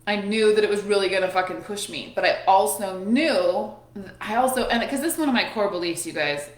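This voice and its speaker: A woman in her thirties hosts a casual motivational chat, blunt and full of swearing. She laughs often between her stories. Her voice rings out in an echoey room. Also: medium pitch. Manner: candid and animated, swears freely, laughs often. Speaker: host.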